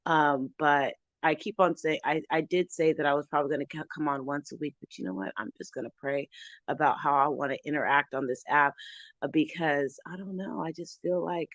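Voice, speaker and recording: A woman with a fairly low voice talks earnestly and from the heart to her viewers, often stopping and restarting her sentences. The sound is dry and a little dull, as if from a phone or webcam close by. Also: brisk, dry recording. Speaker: recovery channel host. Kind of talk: casual livestream chat.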